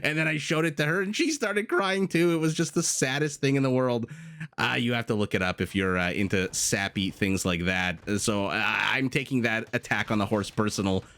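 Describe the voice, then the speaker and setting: Man, game caster, mid-pitched voice, animated, rambling asides, strategy-game commentary. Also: normal speed. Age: adult, married with a young child. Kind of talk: esports commentary.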